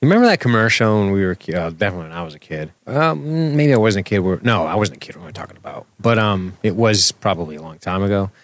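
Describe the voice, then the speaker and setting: A man's voice: low voice, big pitch swings, quick pace, hardly any pauses, no room sound. A man co-hosting a podcast, joking and swearing freely in casual banter. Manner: profane, joking, wisecracking. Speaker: podcast co-host.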